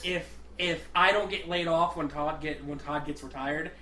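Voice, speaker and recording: A man's voice: on the high side, fairly even intonation, moderate pace, pushed and bright, a little hiss or hum. A man co-hosting a podcast, telling rambling stories and swearing freely in casual chat. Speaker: podcast co-host. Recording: echoey room.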